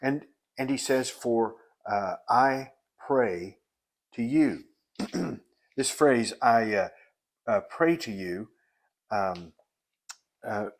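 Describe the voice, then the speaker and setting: A man teaching a Bible lesson in an earnest, explanatory way. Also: mid-range voice. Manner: earnest and explanatory, with frequent restarts and fillers.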